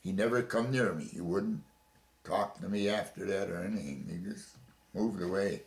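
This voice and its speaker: Older man, deep gravelly voice, halting retelling, repeats himself, echoey room. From Chicago, USA. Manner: halting storytelling with repeated words and restarts. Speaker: veteran interviewee. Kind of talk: oral history interview. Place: home room.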